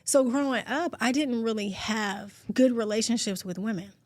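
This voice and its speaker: A woman in her forties co-hosting a podcast, talking in a heartfelt, open, expressive way. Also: fairly high pitch, normal speed, dry recording, clean studio sound. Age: 40s. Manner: heartfelt and expressive, talks openly and at length. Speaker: podcast co-host. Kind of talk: casual podcast chat.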